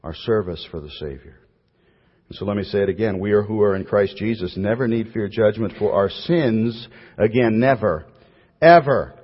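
A man preaching a sermon in a low, husky voice, pressing hard on key words before his phrases fade away to almost nothing. The sound is dull and muffled, with a long reverb from a large church hall. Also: normal speed. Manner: emphatic preaching with repeated phrases trailing off softly. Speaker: pastor.

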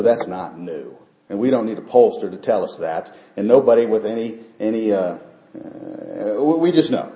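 A man's voice: lowish voice, mellow. A man preaching a sermon as pastor, talking earnestly and building up to emphatic peaks. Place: church sanctuary. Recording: echoey church sanctuary.

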